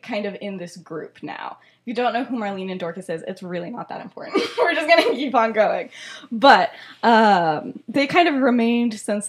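A young woman hosting a podcast, casually retelling a story with lots of "like" and frequent laughter. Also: medium pitch. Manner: chatty, laughing often, heavy use of "like". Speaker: podcast host.

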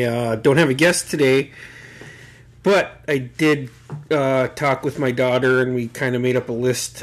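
A middle-aged man hosts his own show in loose, casual chat. His voice sits at a plain mid pitch, and he rambles and stumbles through fillers. He swears freely whenever he gets excited. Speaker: podcast host.

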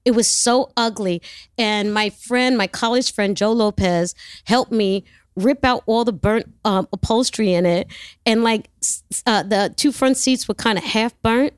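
Blunt, animated New woman. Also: a little high, moderate pace, clean tone, dry recording, studio quality. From New York. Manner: animated, blunt, profane, acts out dialogue. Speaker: guest. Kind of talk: casual storytelling.

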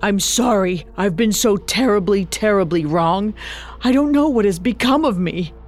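A woman's voice: mid-range voice, expressive, normal speed, darkish tone, soft background music, close to an everyday voice. A woman voicing a remorseful young man who pleads earnestly for forgiveness in a storybook reading.

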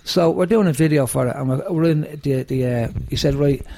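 A musician with a Dublin accent speaks in a gravelly, creaky voice. He tells stories in a casual, profane and animated way, often leaning on "you know" and "right?". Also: a little high, fairly quick. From Ireland, Dublin. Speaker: musician guest. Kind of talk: casual conversation, storytelling.

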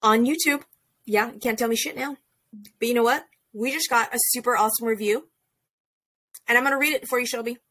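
A woman co-hosting a podcast, chatting in a bubbly, excitable way. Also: on the high side, brisk, pauses often. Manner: bubbly, exclaims and restarts often. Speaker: podcast co-host. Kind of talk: casual podcast chat.

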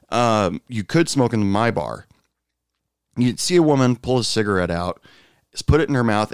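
A man casually telling a long personal anecdote, rambling with fillers and asides, jumping up in pitch when quoting others. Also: clean tone, no room sound, studio quality. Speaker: storyteller.

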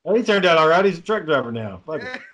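A man's voice: a little high, very animated, quick pace, a bit bright, slight background noise. A man teasing a friend and recounting old stories in casual, profane chat.

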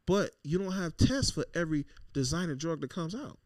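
Male podcast co-host, brash profane storyteller, slightly high voice, dry mic. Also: animated, fairly quick, dry recording. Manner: loud, profane, storytelling with acted-out quotes. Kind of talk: casual podcast banter.

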